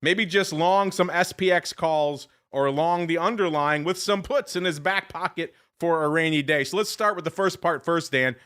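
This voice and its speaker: A man's voice: on the high side, moderate pace, hardly any pauses, fairly bright tone, clean tone. A man hosting a casual podcast, teasing his co-host and reading listener questions. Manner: joking, teasing banter. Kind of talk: casual chat.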